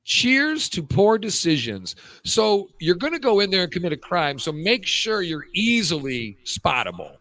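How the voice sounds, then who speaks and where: A man's voice: high voice, moderate pace, few pauses, dry recording. A man in his fifties co-hosting a talk show, telling crude stories in casual chat over a cheap headset. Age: 50s. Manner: animated storytelling, crude jokes. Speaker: radio show co-host.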